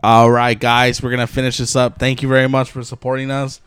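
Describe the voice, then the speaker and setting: A man's voice: mid-range voice, little pitch movement, a little fast, fairly bright tone, smooth, no echo. A young man from California co-hosting a casual podcast, telling a story full of swearing and laughter. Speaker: podcast co-host.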